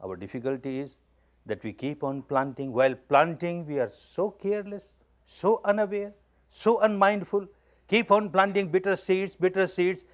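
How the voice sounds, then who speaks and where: A man's voice: high-pitched, steady tone, normal speed. Man giving an emphatic spoken discourse. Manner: repetitive, emphatic, plain-spoken storytelling. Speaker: spiritual teacher giving a discourse.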